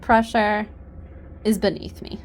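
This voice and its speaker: A woman's voice: medium pitch, little pitch movement, slow, slight background noise, lightly acted. Penny, a woman voicing a haughty mare. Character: haughty young bay mare craving treats.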